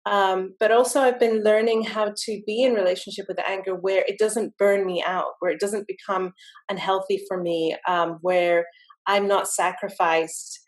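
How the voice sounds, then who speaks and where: A woman's voice: mid-range voice, steady tone, moderate pace. Reflective woman podcast guest. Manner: reflective, thoughtful, with frequent fillers. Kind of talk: casual conversation.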